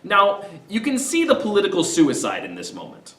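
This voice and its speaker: A lively man gives a casual summary of a play. His voice sits a little high and rises and falls a lot, and he slips into voices for the scenes. The sound is roomy, as if the mic stands a few feet back. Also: moderate pace. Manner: animated, retells scenes with voices. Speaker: literature discussion host. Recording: roomy echo, mic at a distance.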